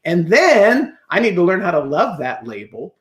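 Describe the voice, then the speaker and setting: A man with a high-set voice tells business stories as a podcast guest, acting out his own past thoughts. He talks in quick bursts and keeps asking "right?" to pull the listener along. The sound is roomy, with a clear echo around him. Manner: animated storyteller who acts out his own past thoughts; fast bursts with rhetorical "right?" check-ins. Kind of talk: casual interview chat.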